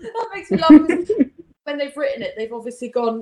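A woman's voice: high-pitched, lively intonation, brisk, a crowd in the background. Giggly woman in an echoey room. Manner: giggly, rambling storytelling with fillers. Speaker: podcast co-host. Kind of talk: casual chat reviewing a TV episode.

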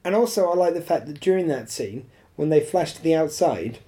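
An Irish woman chatting on a podcast with a fairly low, mellow voice. She talks casually, laughs a lot, and trips over her words now and then as she works through her thoughts. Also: expressive, a little fast. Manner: chatty, laughs often, hesitant restarts. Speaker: podcast co-host. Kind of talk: casual chat.

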